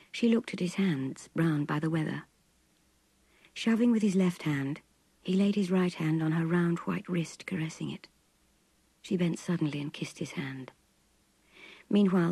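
An older woman narrating a classic novel in an intimate, breathy half-whisper. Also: deep voice, warm tone, no echo. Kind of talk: audiobook reading of a classic novel.

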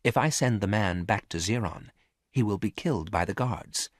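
A man reading a story aloud and voicing a calm, logical male robot who speaks quietly and softly. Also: lowish voice, moderate pace, dry recording, clean studio sound, natural voice. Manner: quiet, soft, flat and logical.

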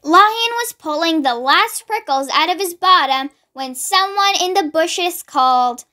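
A young woman hosting a children's read-along, reading slowly, carefully and expressively. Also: extremely high pitch, expressive, sharp tone. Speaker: storybook read-along host. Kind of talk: children's read-aloud narration.

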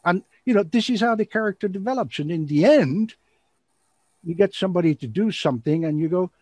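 A man hosting an online show, chatting casually in a rambling, animated way and laughing often. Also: sits high, fairly quick, no echo. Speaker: show host and magician.

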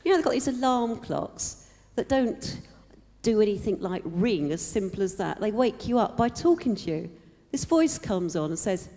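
Female stand-up, chatty and dry, lively pitch, live hall reverb. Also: normal speed. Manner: chatty, offhand storytelling with dry punchlines. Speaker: stand-up comedian.

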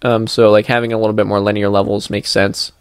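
A man's voice: lowish voice, flat delivery, quick pace, smooth, no echo. A young man giving casual let's-play commentary as he plays, chatty and goofy with playful sing-song asides. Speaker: gameplay commentator.

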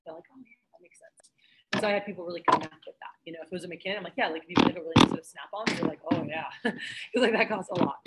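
A young woman leading a sales training session, talking fast and chatty and acting out customer exchanges for her trainees. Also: fairly low pitch, noisy background. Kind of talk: sales training talk to a group. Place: office room with trainees.

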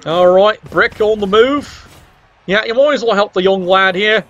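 A man's voice: high voice, normal speed, fairly bright tone, lo-fi sound. Wry man calling a game. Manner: wry, exclamatory, teasing the players. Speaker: game commentator. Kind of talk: casual play-by-play commentary.

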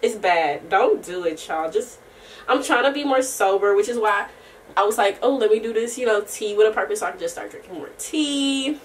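A young woman vlogging in a casual, rambling chat to camera, slangy and profane, often laughing and sometimes breaking into soft singing. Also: medium pitch, lively intonation, moderate pace, far from the mic, slight background noise.

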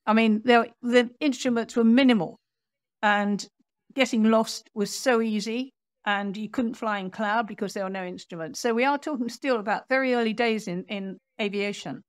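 A woman author, a guest on an interview podcast, telling a history story in a lively storyteller's way and acting out what people said. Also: fairly high pitch, moderate pace, no echo. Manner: animated storyteller, acts out quotes.

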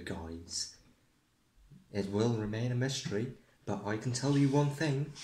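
A man doing a comedic mock newscast as the presenter, rambling and deadpan. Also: medium pitch. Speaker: parody news presenter. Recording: echoey room.

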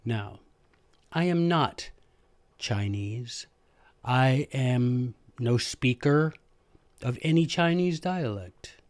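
A man, hosting a podcast and telling history stories in a lively, joking, self-deprecating way. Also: medium pitch, very slow, long pauses, no echo. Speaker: podcast host, former history teacher. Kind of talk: casual history storytelling monologue.

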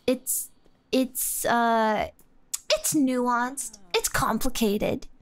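A chatty young woman with a somewhat high voice, talking casually and excitedly. She rambles from one tangent to the next, full of fillers and quick restarts. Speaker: streamer. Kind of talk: casual chat.

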